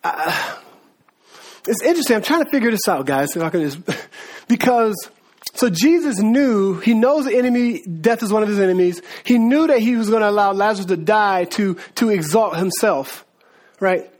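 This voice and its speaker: Man, preacher, high voice, informal slangy Bible teaching, acts out story voices. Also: animated, normal speed. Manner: informal, slangy, addresses listeners as guys; acts out voices of biblical figures.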